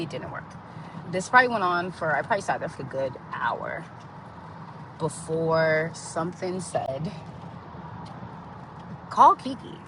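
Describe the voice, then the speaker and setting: Podcast host, personal testimony, candid, mid pitch, noisy street traffic behind. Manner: candid, acts out quoted dialogue.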